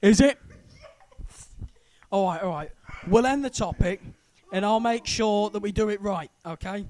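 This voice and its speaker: A man's voice: sits high, moderate pace, darkish tone. A man co-hosting a casual podcast, explaining things emphatically in a lecturing way. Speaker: podcast co-host. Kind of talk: casual chat.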